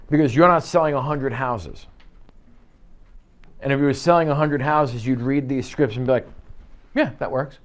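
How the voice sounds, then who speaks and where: A man training a class of real estate agents in an office, talking in punchy bursts, throwing out rhetorical questions and checking in with "okay?". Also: mid-range voice. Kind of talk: live training talk to a class.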